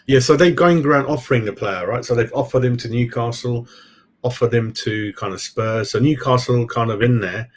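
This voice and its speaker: A man's voice: mid-range voice, moderate pace. A chatty man in the middle of a casual live stream, talking in a mid-range voice. He rambles through his thoughts, answers viewers as he goes, and throws in "mate" every few lines. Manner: chatty, keeps saying "mate". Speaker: football fan channel host.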